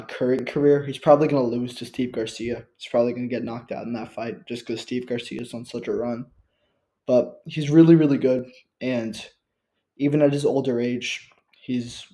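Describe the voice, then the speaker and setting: A man hosting his own channel, talking through a ranking list in one casual take, halting often with fillers and restarts, recorded on a built-in computer mic. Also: mid-range voice, dark tone. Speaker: channel host.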